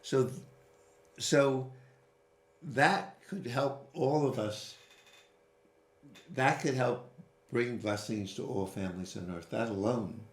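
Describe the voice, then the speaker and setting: Male guest, lively storyteller with sudden pitch jumps, recorded in an echoey room. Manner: animated, with sudden rises in pitch and quick asides. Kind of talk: storytelling interview answers. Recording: roomy echo.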